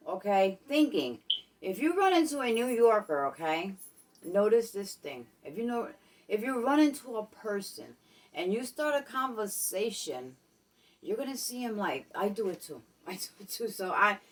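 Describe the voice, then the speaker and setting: Chatty New York woman vlogger, mid-pitched, recorded a bit away from the mic. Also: distant mic. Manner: chatty, keeps tagging lines with "okay?" and "guys". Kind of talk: casual vlog monologue.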